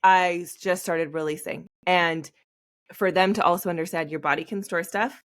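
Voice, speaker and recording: Woman, 30s, podcast host, slightly low pitch, chatty, animated storyteller. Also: normal speed. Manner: animated storyteller, acts out quotes. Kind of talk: conversational podcast interview.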